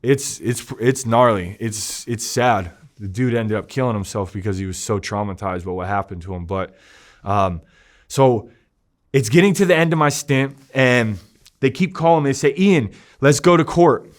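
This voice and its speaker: A young man appearing as an interview guest recounts a hard personal story in casual conversation, using a mid-range voice at normal speed. He acts out the voices of people he quotes, swinging from hushed to loud.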